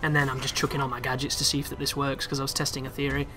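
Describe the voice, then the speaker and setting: A young man giving casual, chatty commentary over a video game walkthrough, excitable and swearing freely. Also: mid-range voice, racing, faint music behind. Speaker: gameplay commentator.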